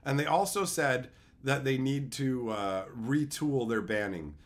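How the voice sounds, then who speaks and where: A man's voice: mid-range voice, measured pace. A man streaming live, chatting casually with his chat and ranting with repeated, profane phrases. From Canada.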